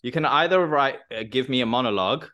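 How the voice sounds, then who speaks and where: A playful woman hosts a podcast and runs a quick-fire question game. She teases her guest and laughs often. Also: very deep voice, lively intonation, fairly bright tone. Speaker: podcast host.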